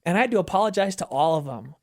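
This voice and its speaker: A middle-aged man, a guest on an interview show, talking candidly and with feeling, with emphatic swings in pitch. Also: very fast. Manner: animated storyteller who acts out quoted voices. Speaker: podcast guest. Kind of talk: conversational interview.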